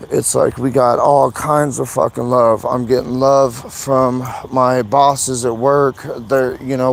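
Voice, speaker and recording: A man live streaming from his phone outdoors, rambling and halting, full of fillers and swearing. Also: mid-range voice, vocal fry, low-quality recording. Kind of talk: emotional casual live stream monologue.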